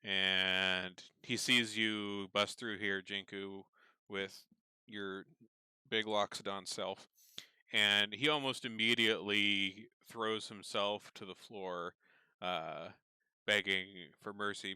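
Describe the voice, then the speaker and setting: A man narrating a tabletop game as game master, relaxed and full of fillers. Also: fairly low pitch, slow, clear, resonant tone, dry recording.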